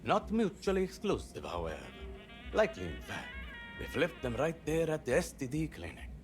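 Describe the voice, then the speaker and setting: A man's voice: huge pitch swings, brisk, music in the background. A man voicing a paranoid, unhinged middle-aged male doctor in a video game, with an erratic put-on accent and a sneering manner. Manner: sneering, swinging between high shrill and deep growl.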